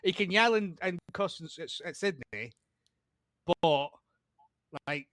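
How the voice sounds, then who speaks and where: Lively man, higher bright voice. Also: takes it slowly, no echo, clean studio sound. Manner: animated, joking, rhetorical questions. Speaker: podcast co-host. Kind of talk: casual TV review chat.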